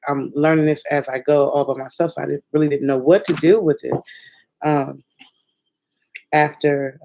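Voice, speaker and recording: A woman chatting excitedly on her first livestream from home at night, rambling and laughing, with sudden bursts of squealing joy. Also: deep voice, gravelly, poor audio. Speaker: filmmaker and singer doing her first livestream. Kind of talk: casual excited livestream chat.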